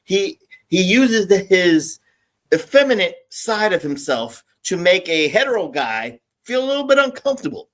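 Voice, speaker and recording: A man hosting a casual podcast, emphatic and lively, putting questions to his co-host. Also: high voice, moderate pace. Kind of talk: casual chat.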